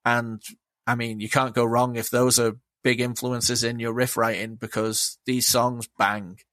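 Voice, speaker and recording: A man's voice: medium pitch, little pitch movement, unhurried, a bit bright, no echo. A man chatting as a podcast guest, enthusiastic and rambling, swearing freely. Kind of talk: casual chat.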